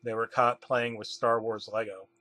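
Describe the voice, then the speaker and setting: A man narrating a comedic creepypasta in a deadpan storytelling manner. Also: medium pitch, normal speed.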